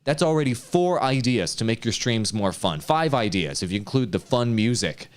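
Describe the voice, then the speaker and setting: A man coaching streamers in a casual chat, energetic and quick to act out hyped examples. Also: medium pitch.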